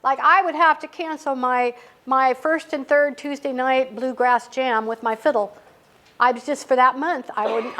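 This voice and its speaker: A middle-aged woman with a high voice leads a writing workshop, talking casually and telling stories that make her laugh. Her delivery is chatty and informal, and it is recorded in a library meeting room. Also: fairly bright tone.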